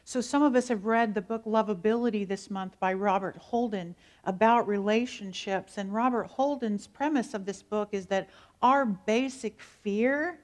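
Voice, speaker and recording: A woman's voice: mid-range voice, a little mellow. An American woman minister giving a conversational sermon, telling stories and turning to the congregation with asides.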